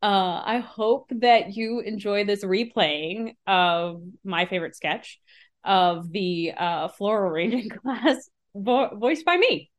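A woman's voice: medium pitch, slow pace. A woman voice actor casually rambling through a behind-the-scenes story about writing a sketch. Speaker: voice actor and writer.

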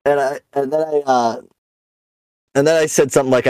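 A man's voice: mid-range voice, fairly even intonation, a little fast, darkish tone, smooth, dry recording. A young adult man hosting a podcast in casual chat, a profane, rambling storyteller who mocks and rants. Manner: mocking, ranting. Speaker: podcast host.

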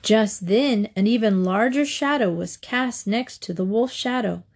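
A woman storyteller reading short fables aloud in a measured, deliberate way. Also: medium pitch, a little mellow.

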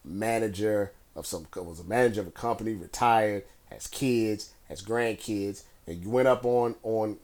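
A man's voice: fairly low pitch, moderate pace, hardly any pauses, a little mellow. A man giving casual solo commentary, rambling and conversational with frequent fillers and restarts.

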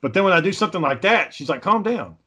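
Here's a man with a drawl, pitched a bit above most men's, rattling off rambling, foul-mouthed stories. It sounds like loose, casual banter among friends. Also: racing, slightly rough. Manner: profane, animated storyteller.

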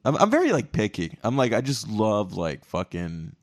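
Podcaster guy, deep voice that jumps around a lot, dry close mic. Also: normal speed, no echo. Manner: animated, swears a lot, many fillers. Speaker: podcast co-host. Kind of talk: casual chat.

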